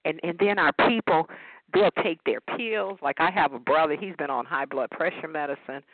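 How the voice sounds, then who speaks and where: A woman calling in to a talk program, speaking in an excitable, effusive way. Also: low voice, moderate pace, no echo. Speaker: caller. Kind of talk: call-in talk. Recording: tinny phone line.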